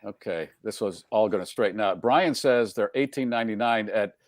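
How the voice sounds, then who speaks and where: A man's voice: fairly low pitch, moderate pace, dry recording. Male host, jokey rambling chatter, dry close studio sound. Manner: jokey, rambling, laughs often. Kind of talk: casual chat.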